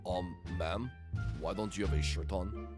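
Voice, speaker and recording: A man's voice: deep voice, unhurried, a little mellow, faint music behind. A man voicing a goofy, easygoing echidna police officer in a cartoon.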